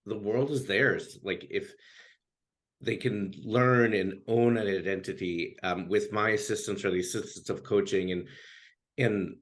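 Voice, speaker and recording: Earnest low-voiced man. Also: fairly even intonation. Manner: earnest, halting, with many restarts. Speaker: life coach for queer youth. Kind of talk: interview guest, earnest personal talk.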